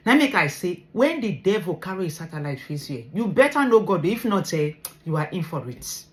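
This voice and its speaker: A woman's voice: fairly low pitch, big pitch swings, moderate pace. A Nigerian woman in a vlog, earnestly retelling a personal story with emotion, mixing English and pidgin. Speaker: vlogger sharing her medical story.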